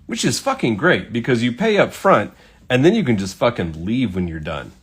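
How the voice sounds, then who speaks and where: A man's voice: mid-range voice, big pitch swings, normal speed, breathy edge. A man telling a rambling, casual story while painting, swearing freely and using lots of fillers.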